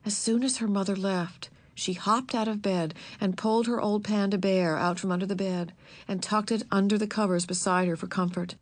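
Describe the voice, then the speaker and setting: A woman narrating a children's book, telling the story in a gentle, measured, expressive way. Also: medium pitch, no room sound. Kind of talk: children's audiobook reading.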